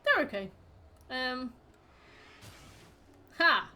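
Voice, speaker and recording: A woman's voice: sits high, big pitch swings, extremely slow, sharp tone, slight background noise. A woman streaming a game, chatting casually with her viewers in a rambling, playful way. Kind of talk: casual chat while gaming.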